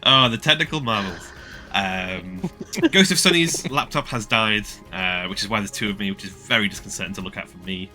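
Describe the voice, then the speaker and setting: A man's voice: lowish voice, moderate pace, sharp tone, faint music behind. Rambling male game master. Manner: rambling, many fillers. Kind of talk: narrating a tabletop game.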